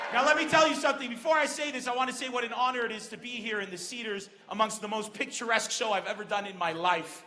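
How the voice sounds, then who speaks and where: Stand-up comic, male, from Lebanon: high, bright, animated delivery on an outdoor stage. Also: quick pace, few pauses, slight background noise. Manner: animated, acts out quoted voices. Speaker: stand-up comedian. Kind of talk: stand-up comedy set. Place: large outdoor festival stage. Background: crowd laughter.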